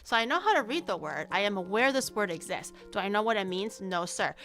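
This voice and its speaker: A woman's voice: medium pitch, expressive, fairly quick, pushed and bright, soft background music. A young woman chatting casually with her viewers, rambling, poking fun at herself and laughing often.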